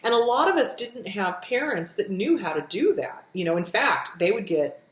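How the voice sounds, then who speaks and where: A woman's voice: mid-range voice, lively intonation, normal speed. Reassuring woman in a roomy echo. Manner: gentle and reassuring, repeats phrases, frank. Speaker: self-help coach answering viewer questions. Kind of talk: casual advice talk, reading and answering questions.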